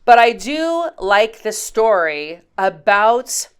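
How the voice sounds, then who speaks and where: A woman's voice: mid-range voice, big pitch swings, takes it slowly, clean tone. Chatty woman in her fifties. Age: 50s. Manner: rambling, chatty, with fillers and asides. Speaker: DIY channel host. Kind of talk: casual storytelling voice-over.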